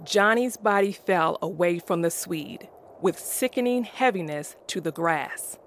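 A woman reading a classic story aloud as narrator, in a slow, deliberate way. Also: on the low side.

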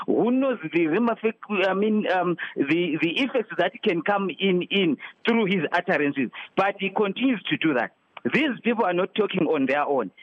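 Indignant man on a muffled line. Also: sits high. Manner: forceful, indignant, repeats words while pressing a point. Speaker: opposition commentator. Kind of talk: heated political debate.

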